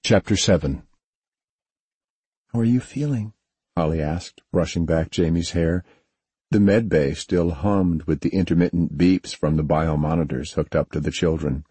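Low dark husky guy reading a sci-fi book, super dry close mic. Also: steady tone, moderate pace, dry recording. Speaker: audiobook narrator. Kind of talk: scripted narration.

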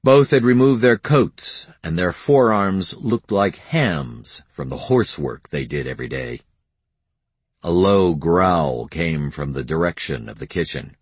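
Deep husky male narrator for a crime novel, dry close sound. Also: no room sound. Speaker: audiobook narrator. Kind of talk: scripted narration.

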